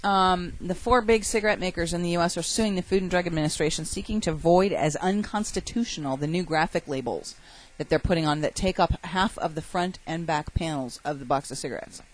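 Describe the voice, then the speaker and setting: A woman co-hosts a relaxed talk show and reads out news items. Her delivery stays chatty, and she corrects her own mistakes along the way. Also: on the low side, a little fast. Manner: reads stories with self-corrections. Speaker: podcast co-host reading news. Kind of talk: casual chat, reading news items.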